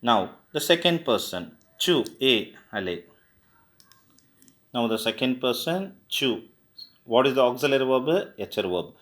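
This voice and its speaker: A man's voice: mid-range voice, big pitch swings, measured pace, a bit bright. Man teaching grammar, spelling words aloud. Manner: patient, asks questions then answers them himself. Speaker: French teacher. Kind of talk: classroom grammar lesson.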